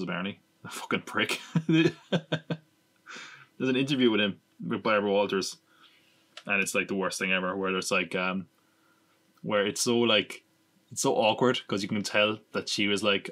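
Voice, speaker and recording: A man's voice: on the low side, a little fast, pushed and bright. A man hosting a podcast in casual chat, rambling and sarcastic, with the odd swear word thrown in. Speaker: podcast host.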